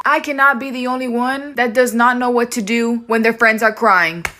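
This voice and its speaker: A woman's voice: fairly high pitch, fairly even intonation, normal speed, noisy background. A woman in a short social media clip, talking in an awkward, unsure, rambling way.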